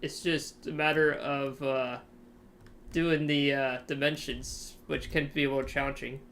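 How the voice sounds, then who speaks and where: An unhurried game streamer talks casually to chat at a desk microphone at home, trailing into ums and small chuckles. Faint hiss and the tapping of a keyboard sit quietly behind the voice. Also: mid-range voice, little pitch movement. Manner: chuckles often, answers chat; rambling with many fillers.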